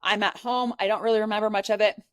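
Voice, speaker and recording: Woman, from Nebraska, podcast guest, candid storytelling, "like" fillers, mid pitch, dry close sound. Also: fairly even intonation, fast, smooth, dry recording. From Nebraska, USA. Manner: earnest, candid, heavy use of "like" as filler. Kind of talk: personal storytelling in conversation.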